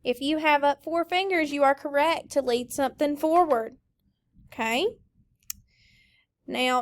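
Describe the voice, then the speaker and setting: A woman teacher leading a recorded phonics lesson, slowly modeling and stretching out each word for students. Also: high voice. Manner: slow, drawn-out modeling of words.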